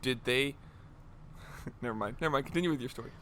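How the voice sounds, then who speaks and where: A man's voice: mid-range voice, fairly quick, fairly bright tone, a little hiss or hum. A young man co-hosting a casual podcast, chiming in with short reactions. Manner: brief reactive interjections. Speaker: podcast co-host. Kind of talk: casual chat.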